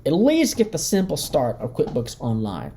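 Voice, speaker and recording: A woman's voice: sits low, wildly swooping pitch, moderate pace, warm tone, husky. A middle-aged woman business advisor giving a blunt, emphatic training lesson.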